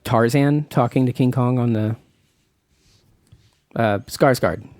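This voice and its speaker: A man co-hosting a podcast in casual chat, an eager movie fan who is quick to correct the others. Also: medium pitch, a little mellow, dry recording. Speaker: podcast co-host.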